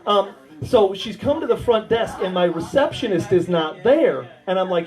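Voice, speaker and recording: A man's voice: sits high, animated, normal speed, hardly any pauses, rough recording. A man with an Australian accent doing a crude stand-up storytelling set at a warehouse comedy night. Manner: crude storytelling, acts out quoted voices. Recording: loud live crowd laughter.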